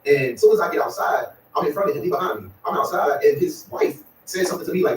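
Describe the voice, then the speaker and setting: A man's voice: high voice, wildly swooping pitch, very fast, few pauses, a little mellow, echoey room, distant mic, a little hiss or hum, rough recording. A man, talking casually to his viewers in a rambling way, full of "y'all" and "you know what I'm saying.". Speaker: vlogger.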